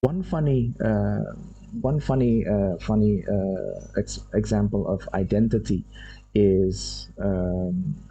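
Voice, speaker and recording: A man's voice: low voice, mellow, highs cut off, slight background noise. A man giving a university lecture, thinking aloud and repeating his phrases as he goes. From Indonesia.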